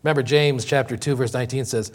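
A man delivers a sermon at an ordinary middle pitch, teaching from scripture in an unhurried way. He drives his points home by repeating lines and stretching out key words, with the occasional filler and restart. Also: steady tone. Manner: repeats key lines for emphasis, with many slow, drawn-out words. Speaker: pastor.

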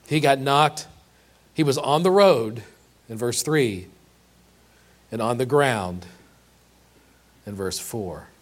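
A man preaching a sermon, earnest and emphatic, often repeating and restarting words and asking rhetorical questions. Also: mid-range voice. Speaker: pastor.

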